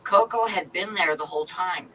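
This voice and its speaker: A woman's voice: fairly low pitch, moderate pace, fairly bright tone. A middle-aged woman hosting a livestream, telling a story in casual chat and laughing often. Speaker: livestream host. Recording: slightly distant mic with faint noise.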